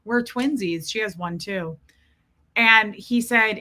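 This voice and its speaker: Bright chatty woman hosting a livestream. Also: a little high, normal speed. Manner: chatty, greets viewers by name while storytelling. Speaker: livestream host. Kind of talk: casual livestream chat.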